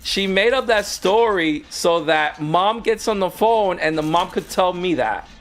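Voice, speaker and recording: Animated male streamer telling stories. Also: high voice, unhurried. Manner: animated, acts out quoted voices. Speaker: streamer and former teacher. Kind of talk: casual storytelling while gaming.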